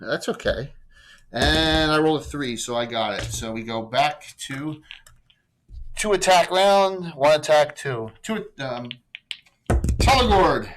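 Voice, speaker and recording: A man's voice: a little high, expressive, slow pace, slight background noise, low-quality recording. Chatty man running a tabletop game. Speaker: game master.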